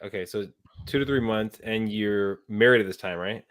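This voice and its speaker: A man's voice: lowish voice, normal speed, fairly bright tone. A man hosting a podcast, asking thoughtful, hesitant questions with restarts. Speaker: podcast host. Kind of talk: interview questions.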